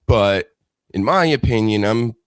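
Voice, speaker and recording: A man's voice: lowish voice, expressive, unhurried, no room sound. A man hosting a casual chat show, talking in a loose, profane, rambling way. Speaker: podcast host.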